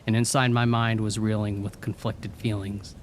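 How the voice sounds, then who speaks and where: A man narrating a scripted horror story in a measured, somber way. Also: lowish voice, flat delivery, slight background noise. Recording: faint rain ambience behind.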